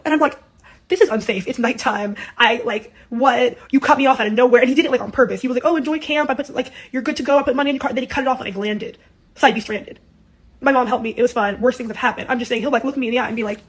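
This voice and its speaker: High-voiced young woman, rambling and emotional. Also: slightly rough. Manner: rambling, halting, with nervous laughs. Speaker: daughter speaking out in a personal video. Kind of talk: emotional unscripted monologue.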